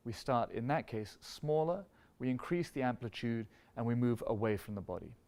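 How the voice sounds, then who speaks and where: A man teaching conducting technique in a measured, clear way, his voice pitched in the middle range. He now and then sings short melody lines slowly while he shows the beats. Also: darkish tone. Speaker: orchestra music director teaching conducting. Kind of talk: instructional video lesson.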